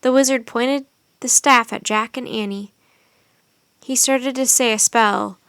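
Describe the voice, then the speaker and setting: A woman's voice: on the high side, fairly even intonation, a little slow, fairly bright tone, clean tone, no room sound, clean studio sound. Woman reading a storybook aloud.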